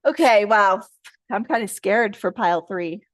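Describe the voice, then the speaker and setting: A woman's voice: mid-range voice, expressive, unhurried, no room sound. Chatty, laughing woman reading cards. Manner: chatty and playful, jokes, laughs and swears often. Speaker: tarot card reader. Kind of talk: casual pick-a-card reading to viewers.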